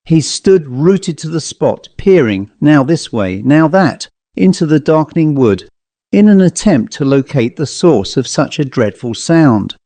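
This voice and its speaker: A man narrating a ghost story as an audiobook, in a measured, steady way. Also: fairly high pitch, no echo.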